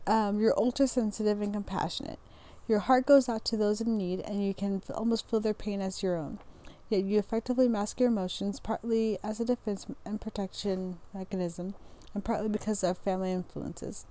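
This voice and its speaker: A young woman with a mellow, warm voice reads astrology entries on her podcast, tripping over words and going back to say them again. Her tone is casual and unpolished, with plenty of "um" and easy laughs at her own slips. Her pitch sits in an ordinary middle range. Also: fairly even intonation, brisk. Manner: reads aloud with stumbles, restarts and frequent "um"; laughs at herself, loose and informal. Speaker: podcast host. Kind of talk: casual reading and chat about astrology.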